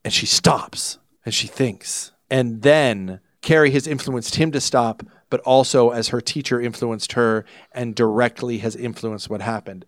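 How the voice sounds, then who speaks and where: A man's voice: medium pitch, no echo, studio quality. A man hosting a casual film review podcast, rambling with many restarts. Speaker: podcast host.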